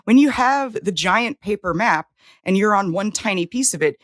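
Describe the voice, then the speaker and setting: A woman's voice: medium pitch, expressive, moderate pace, a bit bright, no echo, clean studio sound. A woman co-hosting a TV rewatch podcast, chatting casually in an emphatic, self-mocking way. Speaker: podcast co-host. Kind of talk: casual chat.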